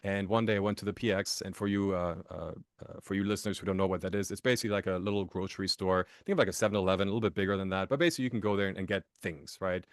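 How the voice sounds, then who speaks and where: A man's voice: sits low, steady tone, racing, hardly any pauses, no room sound, studio quality. A man from Germany, a podcast guest and author, telling stories in a casual interview, often restarting phrases and checking in with "right?".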